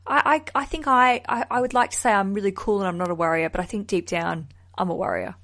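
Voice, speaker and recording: A woman hosting a podcast in casual chat, animated and quick to laugh at herself. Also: medium pitch. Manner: animated, laughs often, self-deprecating. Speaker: podcast host.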